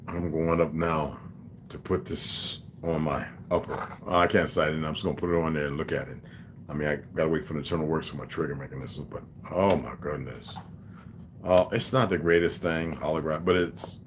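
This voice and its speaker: A man's voice: low-pitched, slight background noise. A man talking casually on a livestream, blunt and preachy, swearing freely, with many fillers. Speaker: livestream vlogger. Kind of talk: casual rambling livestream talk.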